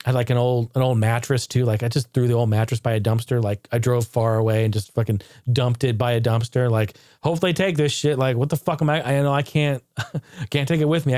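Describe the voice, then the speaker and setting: Man, candid personal retrospective, blunt, swears a lot, rambling restarts, mellow dark voice. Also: medium pitch, dry recording, studio quality. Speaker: channel host. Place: home.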